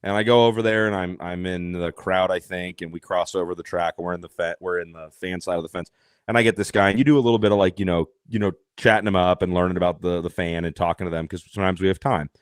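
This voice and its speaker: A man guesting on a podcast, telling an animated, self-deprecating story with lots of fillers and restarts. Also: deep voice, fast, clear, resonant tone, dry recording, studio quality. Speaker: podcast guest, race announcer.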